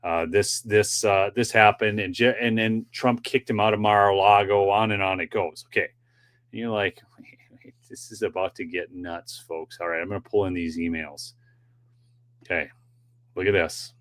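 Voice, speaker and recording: Chatty low-voiced male show host. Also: steady tone, normal speed, fairly bright tone. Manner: chatty, addresses viewers directly, frequent fillers. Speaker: political commentary show host. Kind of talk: casual livestream commentary.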